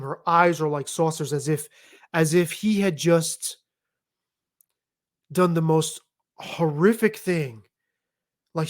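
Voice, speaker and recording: A middle-aged man telling stories in a casual chat, animated, emphatic and liberal with swearing. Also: a little high. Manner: animated, profane, emphatic storytelling. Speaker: podcast guest.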